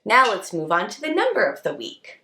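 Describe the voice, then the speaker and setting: A woman leading a preschool circle time lesson, talking to young children in a slow, sing-song, encouraging way. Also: medium pitch, huge pitch swings, pushed and bright, reverberant. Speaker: preschool teacher.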